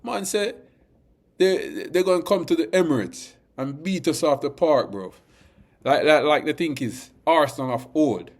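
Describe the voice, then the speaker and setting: A man's voice: a little high, lively intonation, measured pace. A man putting on a rowdy Jamaican-accented brawler. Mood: boisterous. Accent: Jamaican, put on. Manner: boisterous, shouting punches. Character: Jamaican-accented street fighter hyping a win.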